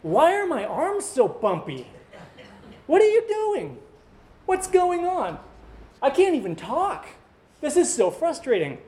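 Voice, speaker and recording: A man's voice: very high voice, huge pitch swings, slow pace, pauses often, a little mellow, echoey room, pitched above the performer's own voice, full character voice. A man voicing a fussy newborn baby who complains to its parents in a whiny, exasperated way.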